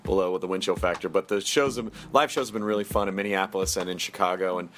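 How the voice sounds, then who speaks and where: A man's voice: sits low, fairly bright tone, slight background noise. A man in his thirties hosting a podcast, joking around in casual comedic chat. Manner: joking, playful, quick asides. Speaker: podcast host.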